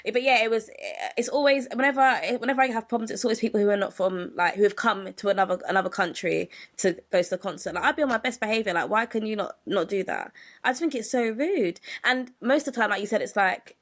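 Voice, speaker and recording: Young woman, podcast co-host, casual storytelling, animated. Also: mid-range voice, quick pace. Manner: animated, acts out the people in her story.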